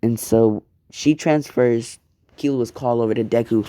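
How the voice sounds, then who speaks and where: A man improvising a fan story out loud, rambling, swearing and correcting himself as he goes. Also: mid-range voice, a little slow, no room sound, studio quality.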